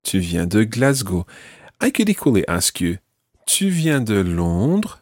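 A man with a husky, fairly low voice leads a French lesson. His delivery rises and falls a great deal as he models each phrase slowly and patiently. The recording is close and dry. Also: sing-song, no room sound. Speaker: French teacher. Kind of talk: language lesson with a learner.

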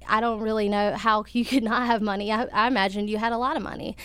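A woman's voice: mid-range voice, steady tone, fast, fairly bright tone, smooth, no echo. A young woman, telling a personal story in casual conversation, full of fillers and little laughs. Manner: chatty, many fillers, laughs while telling.

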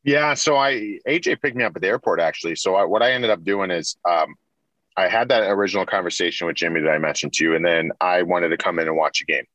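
A man's voice: deep voice, quick pace, fairly bright tone, no echo, lo-fi sound. A man in his forties, a former pro hockey player, telling long rambling stories in a casual interview, full of restarts and repeats.

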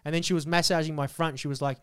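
A young Australian man co-hosting a comedy podcast, rambling through a story with plenty of swearing. His voice sits a little high and comes through smooth and clear. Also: fairly even intonation, racing. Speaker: podcast co-host. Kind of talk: casual comedic chat.

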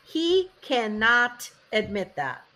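A woman's voice: fairly high pitch, takes it slowly. A woman co-hosting a podcast, recapping a reality show in a casual chat and acting out the quotes with lots of "like". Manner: animated storytelling, acting out quotes, frequent "like".

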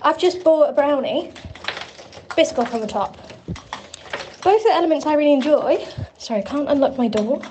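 A woman's voice: high voice, expressive, moderate pace, pauses often, background noise. A woman leaving a chatty, rambling voicemail for a podcast while slightly out of breath. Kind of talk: casual voicemail.

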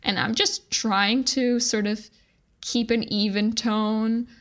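A young woman on a podcast, telling a story in a relaxed, chatty way. She scatters "like" through her sentences, and her voice sits a little higher than most women's. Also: slow. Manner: chatty, fills speech with "like". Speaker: podcast co-host. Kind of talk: casual storytelling chat.

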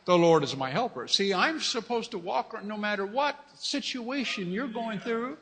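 A man's voice: high-pitched, lively intonation, normal speed, bright, forceful tone. A middle-aged man preaching a fervent sermon as pastor, repeating his phrases and calling out hallelujahs. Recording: long reverb of a large hall.

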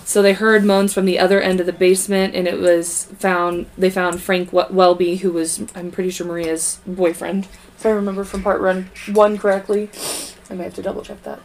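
A woman's voice: lowish voice, level tone, moderate pace, a little mellow. Woman reading a true crime case aloud. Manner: reads from notes with stumbles and asides.

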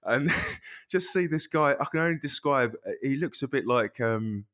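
A man co-hosting a casual football podcast, talking in a halting way with many ums. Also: mid-range voice, lively intonation, fairly bright tone. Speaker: podcast co-host. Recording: dull lo-fi sound.

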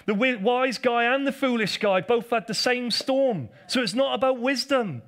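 A man with a fairly high, ringing voice preaches from the front of a church. He drills his key lines over and over, asks the congregation to answer back, and teases the people in the pews. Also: moderate pace, fairly bright tone. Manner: emphatic and repetitive, drilling key phrases; addresses the congregation directly, calls for responses and teases members. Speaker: pastor. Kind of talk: preaching a live sermon.

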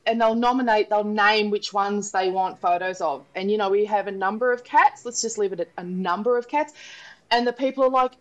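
A woman's voice: mid-range voice, brisk, poor audio. A middle-aged Australian woman co-hosting a casual chat podcast, telling holiday stories with acted-out voices and frequent laughs. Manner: animated storyteller, acts out voices, laughs often. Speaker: podcast co-host. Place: holiday abode abroad.

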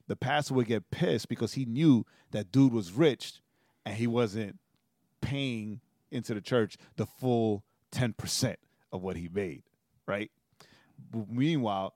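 Man, podcast co-host, casual storytelling, middle pitch, keeps asking "right?", dry close mic. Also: no echo. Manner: storytelling, tags nearly every sentence with "right?". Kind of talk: casual chat.

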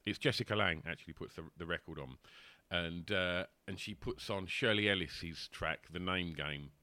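A man's voice: sits low, moderate pace, pushed and bright, no echo. A man, co-hosting a film podcast, hesitant and searching for words. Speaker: podcast co-host. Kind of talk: casual chat about films.

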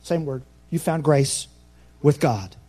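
A pastor preaching a sermon, nervous and fast-talking, with folksy asides that swing between soft remarks and loud, ringing proclamation. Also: male voice, a little high, breathy edge. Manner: folksy, self-deprecating asides.

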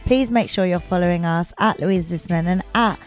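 A woman's voice: on the low side, normal speed, faint music behind. A woman co-hosting a podcast, teasing her friend and laughing a lot. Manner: teasing, giggly. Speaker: podcast co-host. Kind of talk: casual podcast chat.

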